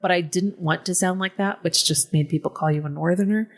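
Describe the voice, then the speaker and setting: A woman with a slightly low voice and a fried, gravelly edge, chatting casually as a podcast co-host. She rambles, mocks herself and breaks into laughter often. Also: fairly even intonation, brisk. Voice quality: vocal fry. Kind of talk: casual chat.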